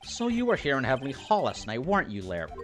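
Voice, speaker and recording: Aloof, icy prosecutor man for a game playthrough, voiced by a woman; deep and controlled. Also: wildly swooping pitch, faint music behind, heavily acted. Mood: cold. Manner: cold, measured, lowered voice. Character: cool, haughty male prosecutor.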